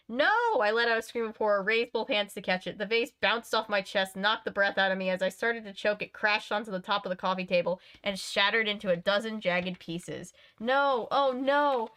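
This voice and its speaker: A woman reading a scary kids' book aloud to her viewers, mid-pitched and easygoing. she slips into loose chat full of fillers between passages. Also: steady tone, brisk, few pauses, a bit bright. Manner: chatty, uses many fillers. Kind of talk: read-aloud narration with casual chat.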